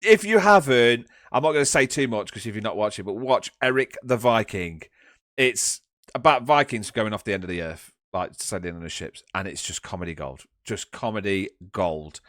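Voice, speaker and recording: A man hosting a casual chat, lively and swearing, calling on the others to speak. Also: on the low side, moderate pace, no echo, clean studio sound.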